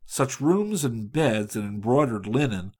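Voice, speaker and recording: Man narrating an audiobook, measured read. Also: mid-range voice, sing-song, darkish tone, breathy edge.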